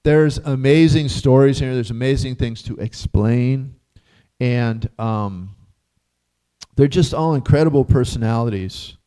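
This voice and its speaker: A man giving a casual scripture class, telling stories with animated rhetorical questions and frequent chuckles. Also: mid-range voice.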